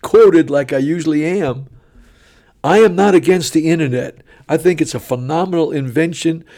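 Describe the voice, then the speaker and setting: A man's voice: on the high side, normal speed. Older man preaching in fiery rants. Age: 70s. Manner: sarcastic, often rising to shouting rants. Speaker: traveling preacher, guest. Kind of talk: animated preaching and storytelling.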